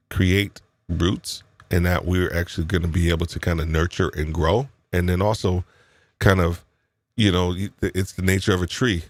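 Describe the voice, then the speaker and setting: Here a man from New York, his voice sitting low, runs a live podcast conversation with no room sound. Bantering playfully and teasing his guests, he muses aloud in a reflective way, stumbling into fillers and restarts.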